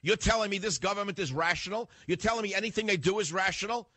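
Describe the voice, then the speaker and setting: A man's voice: high-pitched, quick pace, pushed and bright, dry recording. An older man hosting a talk radio show, delivering a combative, lecturing monologue straight at the listener.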